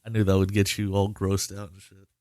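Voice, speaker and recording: A man's voice: low voice, monotone, a little fast, mellow, no room sound, studio quality. A young man hosting a casual podcast chat, teasing his co-host and swearing freely. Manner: blunt, profane, teasing.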